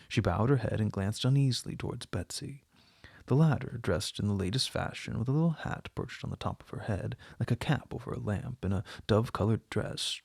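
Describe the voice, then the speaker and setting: A male audiobook narrator reading a classic novel in a measured, even way. His voice has a gravelly, husky texture, and the recording is dry and close with no room sound. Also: lowish voice, dry recording. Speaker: audiobook reader.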